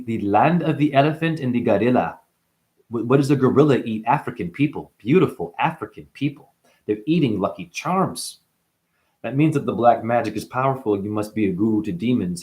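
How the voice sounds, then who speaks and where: A man with a fairly low voice speaks straight to camera as a self-declared spiritual guru. His talk is bragging and scattered, shifting from loud outbursts to mumbled asides.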